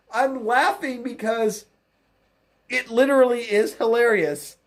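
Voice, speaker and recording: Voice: medium pitch, a little slow. A political commentator ranting mockingly in a solo video, breaking into laughter often.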